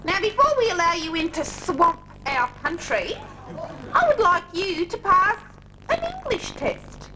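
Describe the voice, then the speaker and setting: A woman mimicking a shrill haughty politician. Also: big pitch swings, background noise, heavily acted. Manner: mocking, exaggerated, drawn-out. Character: shrill, haughty female politician testing migrants. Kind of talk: comedy sketch impression.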